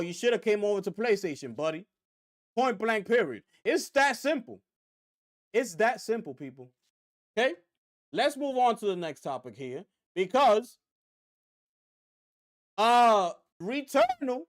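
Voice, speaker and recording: A man hosting a gaming news livestream, talking casually and straight to viewers, repeating himself for emphasis. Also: high voice. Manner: animated, repetitive, talks straight to viewers.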